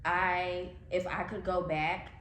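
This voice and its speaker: A low-pitched woman speaks candidly and reflectively, pausing often. Her voice rings in an echoey room. A faint hiss sits behind it. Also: little pitch movement, a bit bright. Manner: reflective, candid, with many fillers. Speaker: podcast co-host. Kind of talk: casual faith chat.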